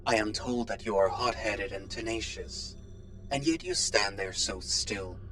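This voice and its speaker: A man reading a story aloud, voicing an ancient, mummy-like tyrant king with a hollow mechanical voice, cold and measured in how he speaks. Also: lowish voice, a bit bright, a little hiss or hum. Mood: cold, arrogant.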